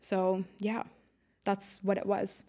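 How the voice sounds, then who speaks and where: A woman's voice: medium pitch, monotone, slow, dark tone. A young woman from the UAE speaks with the Dubai private-school accent, which carries an American twang. She chats casually as a podcast guest, stringing thoughts together with plenty of likes and fillers. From United Arab Emirates. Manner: chatty, lots of likes and fillers. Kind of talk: casual chat.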